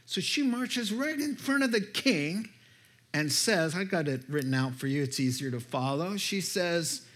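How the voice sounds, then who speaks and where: A male preacher delivers his sermon slowly and deliberately, in a voice set somewhat high. He talks as a storyteller and keeps checking in with his listeners as he goes. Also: lively intonation, a bit bright. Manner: storytelling, emphatic, asks the listeners questions.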